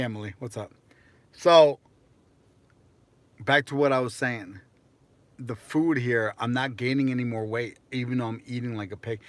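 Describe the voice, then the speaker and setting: A man's voice: mid-range voice, fairly bright tone. A young American man chatting casually on a live stream, rambling and self-mocking, with lots of fillers. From United States.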